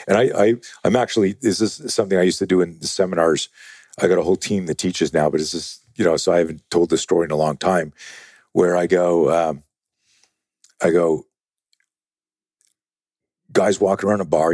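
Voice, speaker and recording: Man, podcast guest, self-defense trainer, deep, husky, profane, animated storytelling, dry sound. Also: normal speed, long pauses, no room sound. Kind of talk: casual podcast conversation.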